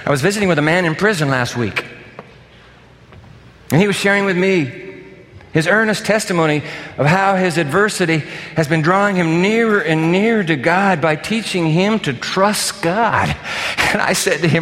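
An older man preaching a sermon in a church, with animated, conversational emphasis. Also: sits high, a little fast, in a large hall. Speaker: pastor. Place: church sanctuary.

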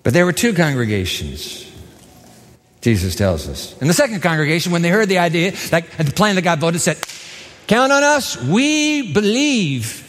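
A man's voice: fairly high pitch, a little fast. A man preaching a sermon as pastor, dramatic and emphatic, acting out the voices in the story. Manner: dramatic, acts out quoted voices, lively emphasis. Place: church hall. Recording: long hall reverb.

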